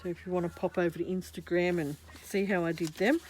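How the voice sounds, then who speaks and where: A woman's voice: fairly low pitch, fairly even intonation, quick pace, a little mellow. A woman with an Australian accent, chatting casually through a craft journal flip-through, meandering and often correcting herself. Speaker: craft vlogger.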